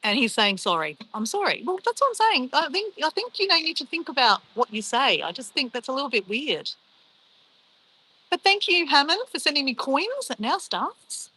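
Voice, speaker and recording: A woman's voice: sits high, very animated, normal speed, pushed and bright, low-quality recording. A middle-aged Australian woman with an Australian accent, hosting a casual livestream, chatty and upbeat as she reads out chat messages and shrugs off insults. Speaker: livestream host reading chat.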